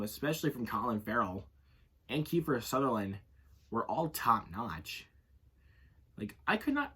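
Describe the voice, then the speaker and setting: A man's voice: medium pitch, husky. A man giving a casual, unscripted movie review, rambling and correcting himself as he goes. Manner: rambling, self-correcting, leans on filler phrases.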